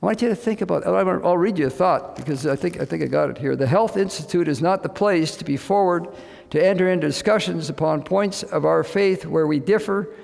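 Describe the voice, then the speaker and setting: A man's voice: fairly high pitch, brisk, gravelly, darkish tone, big-room sound. A man speaking as a medical missionary, giving a casual, folksy talk to a group in a room. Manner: chatty, folksy, often asks "you know what I mean". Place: indoor gathering with a live audience.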